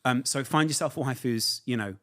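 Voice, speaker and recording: A man's voice: medium pitch, brisk, bright, forceful tone. A man guesting on a chat podcast, dropping dry self-deprecating jokes. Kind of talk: casual chat.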